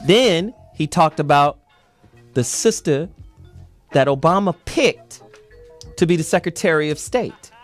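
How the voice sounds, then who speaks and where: A man hosting a casual morning talk show, talking in an animated, slangy and emphatic way. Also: on the high side, a little slow, long pauses, soft background music. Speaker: host. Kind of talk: casual radio-show chat.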